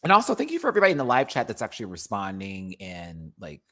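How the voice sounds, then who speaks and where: Speaking fast in a fairly low voice, an American man runs his own channel and reviews a show. It's a casual live-stream rant, animated, sassy, and full of jokes and laughter.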